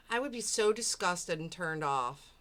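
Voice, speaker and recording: A woman's voice: lowish voice, lively intonation, slow, a bit bright. A woman hosting a late-night stream, commenting on a replayed argument, mocking it with laughter, swearing and mimicry. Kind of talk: casual commentary over replayed audio. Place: home at night.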